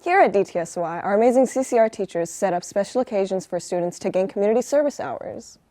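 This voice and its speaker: Teen female anchor, quick cheerful delivery, mellow tone. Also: mid-range voice, animated. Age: teenager. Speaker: student news anchor. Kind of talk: scripted school news reading.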